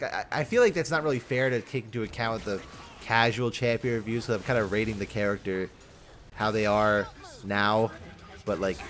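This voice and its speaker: A young man rambling through casual game commentary with lots of halting restarts. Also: mid-range voice, slight background noise. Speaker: gaming video host.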